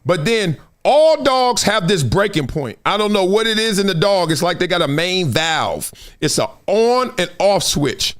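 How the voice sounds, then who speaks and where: A man's voice: sits high, unhurried, hardly any pauses. A man hosting a live sports talk show, telling stories in casual slang, laughing often and slipping into other people's voices. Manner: animated, storytelling, slips into voices of others.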